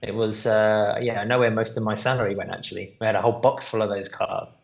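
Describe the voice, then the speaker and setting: A man's voice: fairly low pitch, steady tone, fast talker, creaky, highs cut off. A British man who is a guest on a podcast, telling long anecdotes in a rambling way with plenty of fillers. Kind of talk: casual podcast chat.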